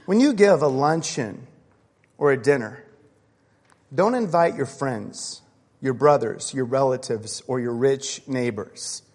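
A man's voice: a little high, in a large hall. A middle-aged man preaching a sermon, earnest and personal, telling stories and reading scripture aloud. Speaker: pastor.

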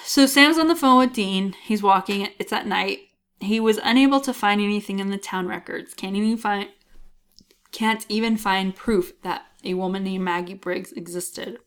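A woman co-hosting a podcast, casually recapping a TV episode and acting out the characters' lines in quick quoted voices. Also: mid-range voice, fairly bright tone, clean tone. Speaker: podcast co-host.

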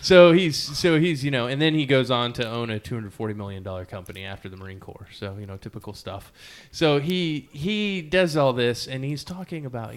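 A man's voice: medium pitch, fairly quick, hardly any pauses. A man hosting a podcast in casual, earnest talk, rambling with many fillers. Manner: loose, rambling, heavy on fillers; earnest and emotionally open. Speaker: podcast host. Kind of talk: casual interview chat.

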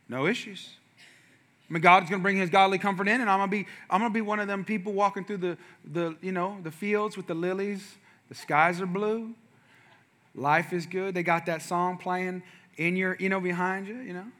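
A middle-aged man preaching a sermon, telling stories with humor and talking straight to the congregation. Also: sits high. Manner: animated, humorous, talks to congregation. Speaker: pastor. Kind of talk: sermon with storytelling.

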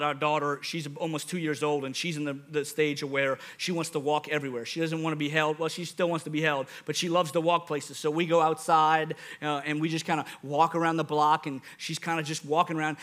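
A young man preaches with a high, bright, ringing voice. He tells his stories in an animated way, his voice swinging up and down. It sounds like a sermon. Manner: animated storytelling with big vocal swings. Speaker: pastor.

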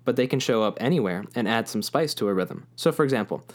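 A man's voice: mid-range voice, expressive, fast talker. A man teaching a music lesson, patiently explaining rhythms and chanting rhythm syllables aloud.

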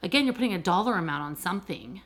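Candid, animated middle-aged woman podcaster. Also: lowish voice, very fast. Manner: candid, animated storytelling with frequent fillers. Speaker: podcast host and educator working with children and families. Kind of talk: casual podcast monologue.

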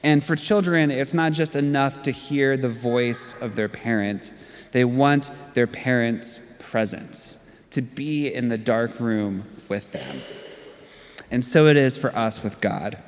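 Man in his 30s, pastor giving a sermon, conversational storyteller, mid-pitched voice, long church reverb. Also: slow.

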